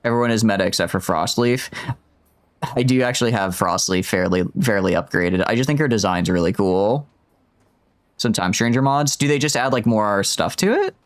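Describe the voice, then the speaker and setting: A man's voice: fairly low pitch, expressive, normal speed, smooth. A man chatting casually while live-streaming a video game, joking and rambling with a self-mocking manner.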